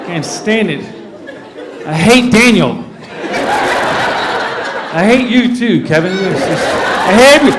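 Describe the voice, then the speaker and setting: Man, 50s, stand-up comic; high voice, mock-grumpy crowd work, echoey room, audience noise. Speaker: stand-up comedian. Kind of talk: stand-up set to a live audience. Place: corporate event venue. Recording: roomy venue with audience noise. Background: audience laughing.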